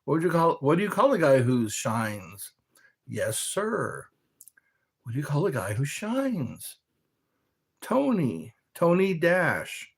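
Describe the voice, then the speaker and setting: A man chatting casually as a streamer, reading questions aloud and riffing on them. He talks slowly with a husky edge and a lively, wide-ranging pitch. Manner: rambling, jokey, reads questions aloud and answers them. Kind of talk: casual chat.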